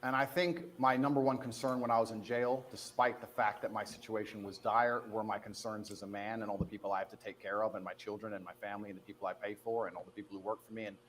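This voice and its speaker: A man's voice: fairly low pitch, little pitch movement, slight background noise. A man in his thirties answering interview questions in an assertive, defiant way. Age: 30s. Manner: assertive, defiant, quick-talking. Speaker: interview guest.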